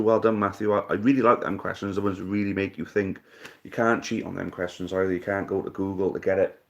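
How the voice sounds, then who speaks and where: Casual male quiz host, deep voice, mutters and swears as he thinks, chummy with players. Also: highs cut off. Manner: thinks aloud, swears casually, calls people mate. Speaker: live-stream quiz host. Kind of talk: casual live-stream chat.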